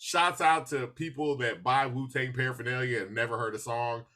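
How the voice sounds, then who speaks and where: A man hosting a podcast in casual chat, telling stories with lots of laughter and animated asides. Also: mid-range voice, moderate pace. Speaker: podcast host.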